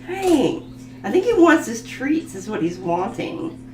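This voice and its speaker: A woman's voice: fairly high pitch, sing-song, moderate pace, a little mellow, echoey room, faint music behind, low-quality recording. A woman giving a casual live tarot reading from home, chatty and rambling with lots of fillers and laughter. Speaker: tarot reader. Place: home room.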